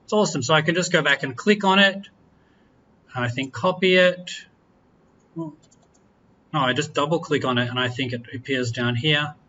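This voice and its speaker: Male lecturer, casual and joking, tense bright tone, lo-fi classroom capture. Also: on the high side, normal speed, long pauses, slight background noise. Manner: relaxed, chatty, self-correcting, jokes with students. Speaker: university lecturer. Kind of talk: classroom software walkthrough. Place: lecture room.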